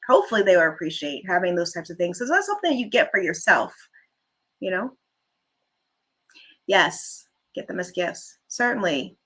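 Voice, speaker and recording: A woman hosts a relaxed livestream and talks in a loose, chatty way. She drifts from one story to the next and pauses to read out and thank viewers for their comments. Her voice has a bright, forward edge. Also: lowish voice, breathy edge. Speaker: livestream host. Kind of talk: casual livestream chat.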